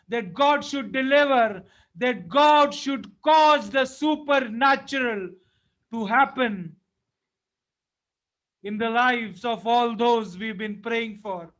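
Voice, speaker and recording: A male preacher delivers his sermon in a strikingly high voice. He speaks slowly and with fervent emphasis, stacking short phrases one on top of another. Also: a bit bright, rough recording.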